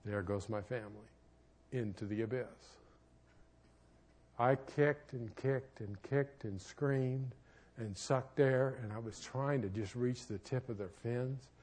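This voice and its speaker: A man preaching in church as a pastor and marriage counselor, telling a personal story with sudden shouts and asides. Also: medium pitch, slow pace.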